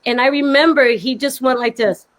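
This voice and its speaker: Animated woman telling a story. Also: high voice, moderate pace. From Brooklyn. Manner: expressive, laughing storyteller. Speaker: guest, actress. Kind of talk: animated anecdote in conversation.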